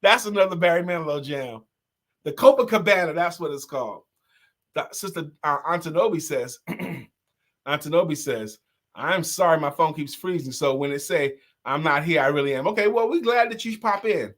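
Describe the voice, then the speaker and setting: Animated, laughing male host. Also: fairly high pitch, normal speed. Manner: animated storyteller, sings snatches of songs and laughs often. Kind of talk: casual live-stream chat reading comments.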